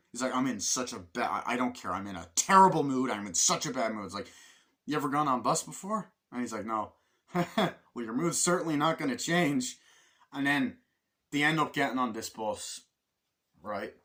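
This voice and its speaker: A man talks through a film review in a loose, rambling way, with no script. He keeps slipping into quick imitations of the characters, then drops back into his ordinary voice. His pitch sits in an average middle range, and he swears freely. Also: expressive, bright, forceful tone. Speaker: movie reviewer. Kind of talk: casual spoken film review.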